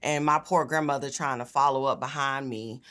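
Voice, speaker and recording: A woman's voice: extremely low pitch, steady tone, normal speed, a bit bright. A young woman, a state senator giving a personal testimony in an earnest, conversational way with frequent fillers. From Memphis, Tennessee.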